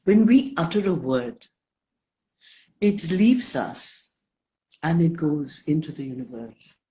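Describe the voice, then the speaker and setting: An older woman with a low, unhurried voice talks as an interview guest. She speaks deliberately and leans on words for emphasis, taking her time over each thought. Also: animated, mellow. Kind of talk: live interview talk.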